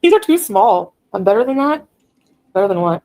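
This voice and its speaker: Blunt ranting woman streamer, lively pitch. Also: brisk, poor audio. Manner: blunt, ranting, reads chat aloud. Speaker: livestreamer. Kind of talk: casual livestream chat.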